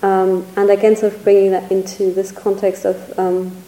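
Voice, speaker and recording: A woman's voice: medium pitch, flat delivery, normal speed, mellow, roomy sound, rough recording. A woman teacher giving a reflective Buddhist dharma talk, searching for words and hedging often as she speaks. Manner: reflective, searching, hedges with "sort of".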